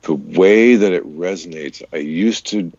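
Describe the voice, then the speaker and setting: A man, a voice-over artist and radio DJ, chatting in an interview and explaining voice technique in an easy way, with a deep, resonant voice. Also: unhurried, a little mellow, no room sound, dull audio. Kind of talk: casual interview chat.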